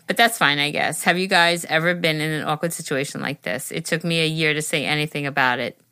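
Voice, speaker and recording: A woman's voice: low voice, bright, forceful tone, no echo. A young woman co-hosting a podcast, chatting casually and reading listener letters aloud, blunt and swearing freely. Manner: loose and blunt, swears freely, many fillers. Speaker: podcast co-host.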